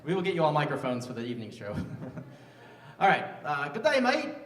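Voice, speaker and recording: A man's voice: medium pitch, animated, fairly quick, a little hiss or hum. A man in his fifties doing a live stand-up set on a stage mic, self-mocking and bantering with the crowd. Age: 50s. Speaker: stand-up comedian. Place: large live music venue on stage. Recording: roomy venue sound from a distance.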